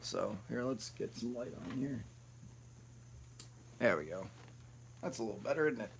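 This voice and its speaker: A man's voice: lowish voice, animated, moderate pace, gravelly, slightly rough. A young man telling rambling, profane stories to camera at home, without an external mic. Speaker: YouTube vlogger. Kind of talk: casual storytelling to camera. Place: at home, no ring light set up. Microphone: built-in camera mic, no external mic.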